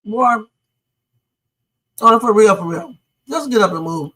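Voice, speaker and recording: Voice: medium pitch, lively intonation, unhurried, long pauses, bright, forceful tone. Blunt profane livestream host. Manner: blunt, profane, talks straight to viewers. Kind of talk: casual reaction commentary.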